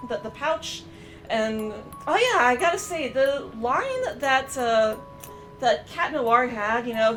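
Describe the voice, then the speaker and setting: Reviewing a cartoon episode on stream, this high-voiced woman reacts and recaps casually, full of fillers like "uh" and "you know." Her delivery is lively and chatty with rapid impressions of characters' lines, and quiet music sits in the background.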